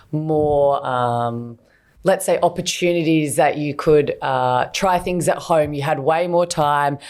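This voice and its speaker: A woman with a low voice co-hosts a podcast in easy, casual chat. She talks candidly and rambles a little, with fillers and restarts along the way. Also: a little mellow. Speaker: podcast co-host.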